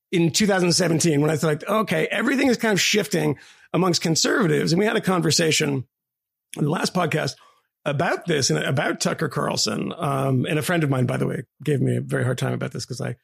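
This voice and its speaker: Podcast co-host, male, rasp and fry in the voice, lively chatty delivery with laughs. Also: fairly high pitch, a little fast. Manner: animated storyteller, laughs often, many restarts. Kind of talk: casual podcast discussion.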